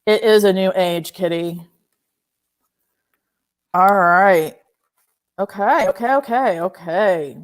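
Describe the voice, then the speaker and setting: Woman, live-stream card-reading host, mid pitch, unhurried, chatty. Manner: chatty, laughs often, greets viewers by name. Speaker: host reading oracle cards. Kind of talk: casual live-stream chat.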